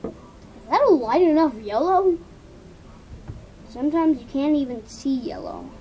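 A woman's voice: high voice, expressive, measured pace, warm tone, a little hiss or hum, rough recording. A woman vlogger chatting casually to viewers while painting, rambling through asides and self-talk.

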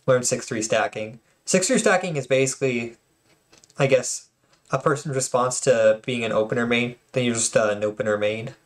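A man casually commenting on game replays, often stuttering and restarting his words, with apologetic asides. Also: medium pitch. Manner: self-conscious, apologetic asides.

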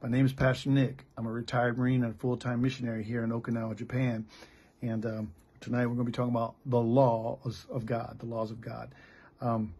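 Middle-aged American pastor, blunt and candid, with a gravelly, deeply raspy voice. Good for plain-spoken preaching. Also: male voice, darkish tone. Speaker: pastor and missionary. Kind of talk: candid sermon.

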